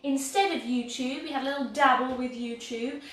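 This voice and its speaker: Bubbly high-voiced woman in echoey kitchen. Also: steady tone, normal speed. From England. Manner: bubbly, chatty, self-mocking. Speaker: home baking livestream host. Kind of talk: chatty cheerful baking livestream. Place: home kitchen. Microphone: laptop mic from across the room. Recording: very echoey room, far from mic, faint background noise.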